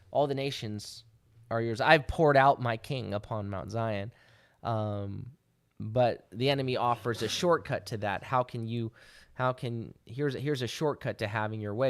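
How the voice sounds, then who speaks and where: A man teaching as a rabbi at a middle pitch, walking through scripture verse by verse. He checks in with his listeners again and again and builds to emphatic calls to action. The recording is close and dry. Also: no room sound. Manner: explains verses with frequent "right?" and restarts, rising to emphatic exhortation. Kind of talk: sermon teaching.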